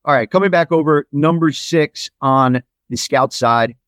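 A man's voice: on the high side, measured pace, fairly bright tone, no room sound. A man hosting a football podcast, talking in a loose, rambling way with lots of asides and restarts. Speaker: podcast host. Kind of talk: casual sports analysis chat.

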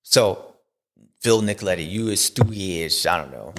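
A man's voice: medium pitch, normal speed, fairly bright tone. A man hosting a casual, joking commentary, talking in slang and mimicking other people. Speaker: host.

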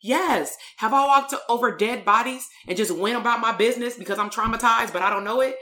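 A woman's voice: on the high side, quick pace, sharp tone, echoey room. A woman, a coach and therapist telling a story in a blunt, emphatic live-streamed motivational talk.

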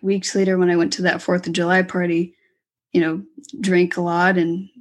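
Candid young woman telling her story. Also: medium pitch. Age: 20s. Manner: candid, halting, many fillers and restarts. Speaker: guest. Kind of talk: personal story in an interview.

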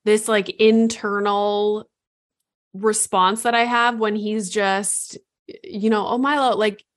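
A woman's voice: medium pitch, fairly even intonation. A woman in her thirties, a podcast guest, chatting casually with a lot of "like" and frequent laughs. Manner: unhurried, filler-heavy, laughs often. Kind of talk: casual chat.

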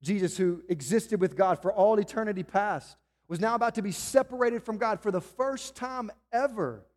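A man's voice: sits high, normal speed, darkish tone, in a large hall. A male pastor, preaching an earnest sermon and pressing his listeners with rhetorical questions.

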